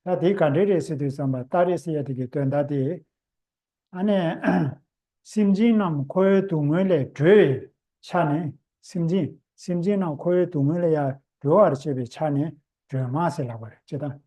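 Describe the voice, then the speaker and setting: A man giving a Buddhist teaching in short, repeated phrases with pauses. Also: on the high side, dark tone.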